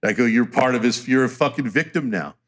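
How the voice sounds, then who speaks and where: A man's voice: mid-range voice, brisk. A man telling stories in a casual podcast chat, swearing freely and acting out what people said. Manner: profane, animated storyteller acting out quotes.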